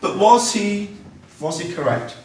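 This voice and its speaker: A man's voice: high-pitched, animated, a little slow, a little mellow, slight background noise. Man giving an echoey history talk. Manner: conversational, reads quotes aloud, frequent ums and restarts. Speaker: local history speaker. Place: large echoey room, speaking to an audience. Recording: echoey room from a distance.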